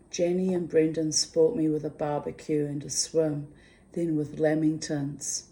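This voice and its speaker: A woman's voice: sits low, level tone, moderate pace, vocal fry, mellow. A woman talking candidly in a casual video diary, rambling and muttering asides to herself. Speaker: vlogger.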